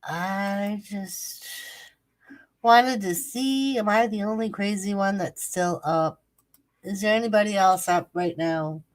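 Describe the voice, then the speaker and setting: A woman's voice: mid-range voice, slow, distant mic. A woman, chatting casually on a late-night livestream and greeting viewers by name. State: stuffy nose. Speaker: channel host. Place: home at night.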